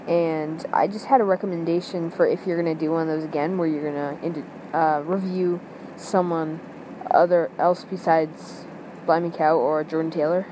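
Hesitant caller over noisy phone message. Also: male voice, a little high. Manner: hesitant, rambling with fillers. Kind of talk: casual call-in message. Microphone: phone via a call-in app. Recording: phone message with loud background noise.

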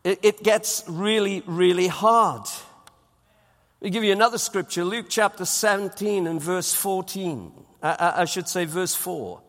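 A man's voice: high-pitched, unhurried, a bit bright, long reverb tail. A man preaching a sermon as pastor, emphatic and repeating his phrases for weight. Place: church auditorium.

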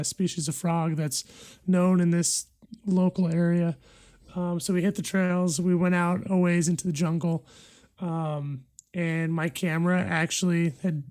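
A young man casually recounting travel memories, relaxed and hesitant with many fillers. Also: on the high side. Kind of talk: casual storytelling chat.

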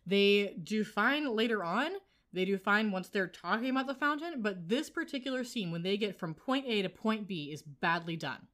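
A woman's voice: medium pitch, expressive, normal speed, fairly bright tone. A woman co-hosting a casual podcast. She recaps a TV episode scene by scene and argues her opinions firmly. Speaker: podcast co-host.

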